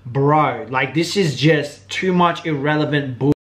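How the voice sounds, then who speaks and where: A man's voice: fairly high pitch, unhurried. A man giving casual reaction commentary, loose and chatty, peppered with "like" and "bro". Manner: casual, uses "like" and "bro" a lot.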